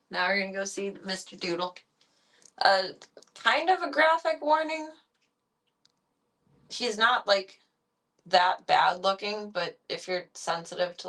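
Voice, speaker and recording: A woman's voice: fairly low pitch, a bit bright. A woman streaming casually from her workplace, chatting and cooing in baby talk to the animals she looks after. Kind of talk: casual live-stream chat.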